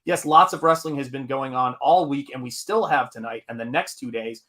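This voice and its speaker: Male streamer, bright tone, rambling and chatty while reading chat. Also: medium pitch, brisk. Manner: rambling, reads chat aloud with fillers. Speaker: comic artist hosting a live stream. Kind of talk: casual live-stream chat.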